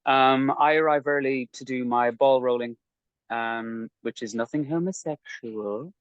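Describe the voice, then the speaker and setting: A man's voice: mid-range voice, measured pace, dry recording, highs cut off. A man in casual podcast chat, telling a rambling, self-mocking story about his training. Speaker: podcast guest recounting training.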